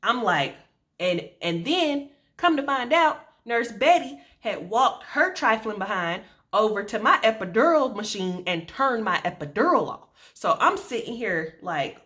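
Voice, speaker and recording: A young woman vlogger telling a story to camera in a colloquial, animated way, with sarcastic asides. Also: a little high, unhurried.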